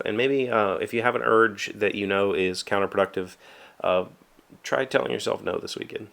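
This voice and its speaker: A man's voice: on the low side, normal speed, gravelly, fairly bright tone. A man with a West Virginian accent hosting a casual solo vlog from his home workshop, rambling and self-deprecating, with lots of fillers and restarts. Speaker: vlogger, show host.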